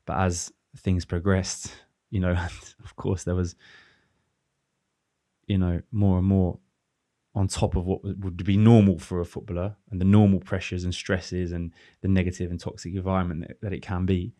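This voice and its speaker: Low flat-voiced man, thoughtful podcast guest. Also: normal speed, no echo. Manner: reflective, rambling with restarts and fillers. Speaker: former professional footballer, guest. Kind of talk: casual podcast conversation.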